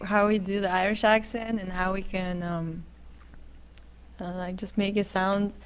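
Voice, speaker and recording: Smooth-voiced woman, giggly and hesitant. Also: mid-range voice, low-quality recording. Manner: giggly and hesitant, trailing off softly. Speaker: co-host of a livestream. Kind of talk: casual livestream chat.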